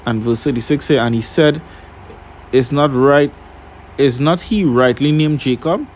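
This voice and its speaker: A man's voice: medium pitch, unhurried, a little mellow, a little hiss or hum. A man reading scripture aloud and retelling it in plain words, often checking with "right?". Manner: reads scripture then retells it in casual Caribbean-style English, asking "right?". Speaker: Bible teacher. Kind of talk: Bible reading and teaching.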